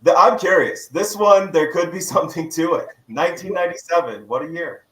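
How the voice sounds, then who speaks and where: A man, the show's house attorney, calmly breaking down a legal case on a podcast panel. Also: fairly high pitch, echoey room, poor audio. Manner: measured legal explanation.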